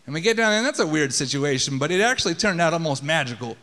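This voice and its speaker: A man with a high voice tells a story live on a theater stage, casual and full of swearing. His voice rings out with the long reverb of the theater hall. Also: animated, fast talker, fairly bright tone. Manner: casual, profane, conversational.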